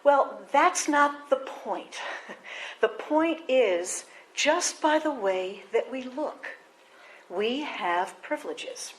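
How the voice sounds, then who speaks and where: A woman's voice: fairly high pitch, animated, slow, rough recording. A woman giving a platform address in a conversational way, putting questions to her audience.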